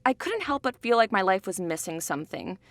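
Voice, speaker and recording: A young woman playing a sarcastic, angry high school girl, narrating and acting in a student film. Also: very animated, a little fast, a bit bright. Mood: reflective. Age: young adult. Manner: sardonic, bitter.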